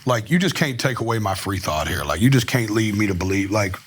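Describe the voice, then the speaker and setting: Fast-talking raspy man. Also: lowish voice, lively intonation, fairly bright tone. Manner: fast, rambling, swearing freely. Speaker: podcast guest, singer. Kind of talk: casual chat.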